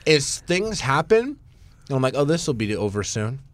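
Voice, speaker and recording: A man's voice: mid-range voice, very animated, moderate pace, no echo. A man co-hosting a casual podcast, rambling through a story with many restarts. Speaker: podcast co-host. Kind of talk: casual chat.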